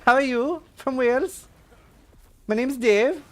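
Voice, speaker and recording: A man doing a comic impression of a cheerful Welshman named Dave, high and sing-song. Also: slow pace. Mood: cheery.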